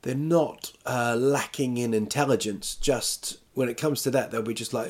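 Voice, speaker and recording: A man's voice: mid-range voice, normal speed, hardly any pauses, slight background noise. Chatty self-deprecating man rambling at home. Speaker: vlogger. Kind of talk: casual rambling monologue.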